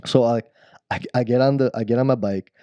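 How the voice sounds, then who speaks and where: A man's voice: mid-range voice, fairly even intonation, fairly quick, dark tone, dry recording, highs cut off. A man co-hosting a podcast, telling a childhood story in casual chat, rambling and breaking off to laugh at himself. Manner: rambling, self-interrupting storyteller who laughs at his own story. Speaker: podcast co-host.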